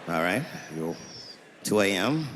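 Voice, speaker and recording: A man putting on a deep, weary cop. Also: sing-song, background noise. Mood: dryly patient. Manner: slow, patient questioning. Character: weary middle-aged male police officer. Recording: echoey hall with loud crowd.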